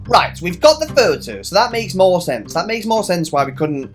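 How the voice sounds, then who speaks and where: A woman narrates a video game playthrough in a casual, playful way, swearing freely. Her pitch leaps and dips all over the place, and faint music sits under her voice. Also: sing-song, moderate pace, hardly any pauses. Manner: playful, swears freely, reads characters aloud. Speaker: let's play host. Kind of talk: casual gameplay commentary.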